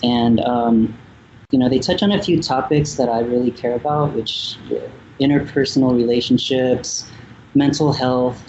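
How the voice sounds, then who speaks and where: A man from Vietnam, a musician guest on an interview show, talking in a reflective way with many ums and pauses. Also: mid-range voice, darkish tone, lo-fi sound, slight background noise. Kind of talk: casual interview talk.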